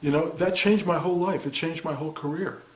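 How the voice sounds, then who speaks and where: Soft-spoken man in his sixties, echoey room. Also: steady tone, brisk. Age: 60s. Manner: soft-spoken and reflective, often dropping his voice low. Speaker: meditation teacher. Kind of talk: spiritual talk answering a student.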